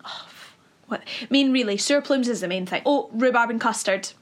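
A woman's voice: on the high side, fairly quick, a little hiss or hum. A Scottish woman hosting a podcast in casual chat, chatty and teasing, swearing casually. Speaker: podcast host.

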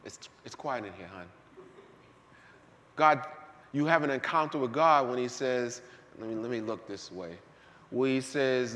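A man preaching a sermon, swinging between hushed asides and shouted peaks in a church sanctuary. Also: medium pitch, animated, normal speed, pauses often. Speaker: pastor. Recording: long hall reverb.

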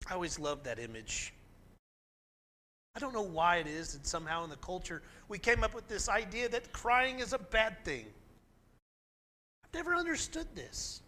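A pastor preaching a sermon in an earnest, emphatic way, now and then reading scripture aloud with dramatic force. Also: male voice, high voice, big pitch swings, normal speed, pauses often, sharp tone.

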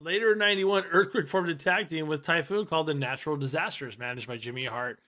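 Male co-host, reads notes aloud, bright forceful tone. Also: fairly high pitch, fast talker. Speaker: podcast co-host. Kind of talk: casual chat, reading notes.

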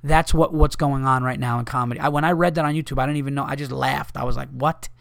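A man's voice: medium pitch, fairly even intonation, fast, vocal fry, dry recording. A man hosting a comedy podcast, talking casually in a profane, heated rant.

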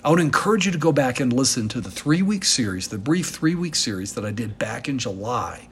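A man's voice: mid-range voice, sing-song, fairly quick, slight background noise. A male pastor delivering an earnest, emphatic sermon, asking the congregation rhetorical questions as he preaches.

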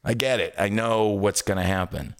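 A man co-hosting a casual music podcast, telling stories with many stammered restarts. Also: moderate pace. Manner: animated storyteller, swings pitch wide, stammers on restarts. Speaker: podcast co-host. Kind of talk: casual chat.

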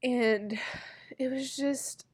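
A woman in her thirties telling a personal story to camera, halting and heartfelt, close to tears. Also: high voice, fairly even intonation, slightly rough. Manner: halting, heartfelt, many pauses and fillers. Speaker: vlogger.

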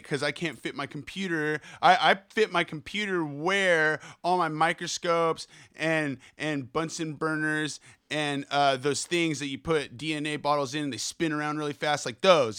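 Fast-talking profane young man ranting. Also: fairly high pitch, dry recording, clean studio sound. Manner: profane, fast, animated rant. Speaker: podcast host. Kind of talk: ranting solo podcast monologue.

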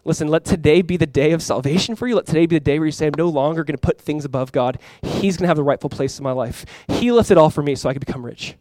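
A man's voice: a little high, fast talker, few pauses, warm tone, dry recording. A man preaching a sermon as pastor, conversational and emphatic, talking to the congregation and inviting them to respond. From California.

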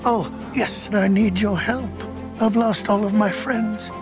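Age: adult. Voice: a soft, gentle teddy bear. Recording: loud score. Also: male voice, high voice, steady tone. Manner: slow, soft and simple-minded. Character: gentle honey-loving male teddy bear. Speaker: film character in a trailer. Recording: film audio under loud music.

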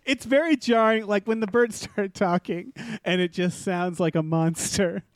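A man's voice: high-pitched, unhurried, no room sound. A man hosting a casual movie podcast, wry and joking as he talks about trailers.

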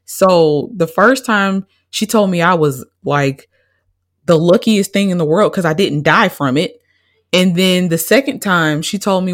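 A woman's voice: lowish voice, measured pace. A woman guest telling her personal story in an interview, candid and emotional.

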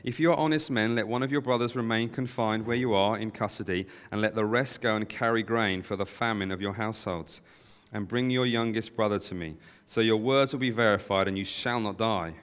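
A man reads out a commanding ruler, stern and accusing, in a low voice. The words ring with a long reverb, as if spoken in a hall. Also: brisk, fairly bright tone, smooth, lightly acted. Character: stern powerful man testing his brothers.

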